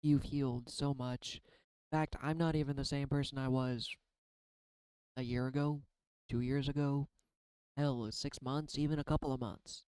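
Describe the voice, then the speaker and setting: Tired guy in his 30s just rambling on, kinda candid, swears a bit, smooth voice, dry mic. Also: medium pitch, steady tone, normal speed, long pauses, darkish tone, no room sound, rough recording. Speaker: tarot reader and artist. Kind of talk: casual spiritual vlog.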